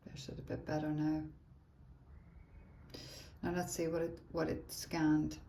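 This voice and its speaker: A lower-voiced woman talks teachers through a phone demo in real time, chatty and thinking aloud as she works. The room rings with echo, and a faint hiss sits under her voice. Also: monotone, measured pace, gravelly, dark tone. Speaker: teacher trainer. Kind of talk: live phone demo tutorial.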